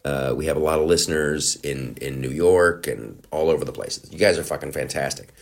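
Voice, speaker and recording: A man's voice: rumbling low, brisk, gravelly. A man hosting a podcast, delivering a profane, sarcastic comedic rant. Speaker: podcast host.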